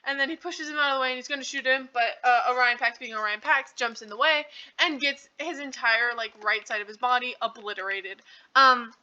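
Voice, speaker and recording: A woman with a high, very bright voice talks through a movie recap, rambling from one point to the next. She leans heavily on fillers and "like". The recording is dull and lo-fi. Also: steady tone, fairly quick. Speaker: channel host.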